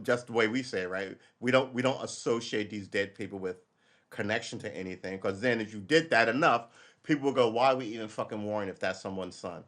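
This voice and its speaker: A man's voice: mid-range voice, a bit bright. Rambling, profane middle-aged man. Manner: rambling and profane, acts out quick imagined dialogue. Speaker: live stream host. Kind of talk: casual live commentary, reacting to a news article.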